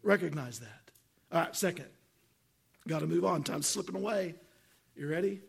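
High, gravelly preacher man, emphatic. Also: animated, normal speed. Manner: emphatic, repetitive preaching, reads Bible verses aloud. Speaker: pastor. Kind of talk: sermon.

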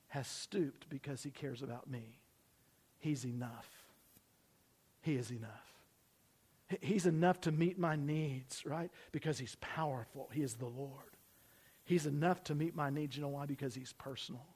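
High-voiced male pastor preaching. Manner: preaching with sudden loud emphasis and drops to near-whisper; asks the congregation to repeat phrases. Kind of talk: sermon. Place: church building.

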